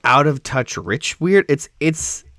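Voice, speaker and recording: A man's voice: on the high side, sing-song, slow pace, pushed and bright, no room sound, clean studio sound. A man co-hosting a casual movie podcast, chatting back and asking questions. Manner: conversational, reacting and questioning. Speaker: podcast co-host.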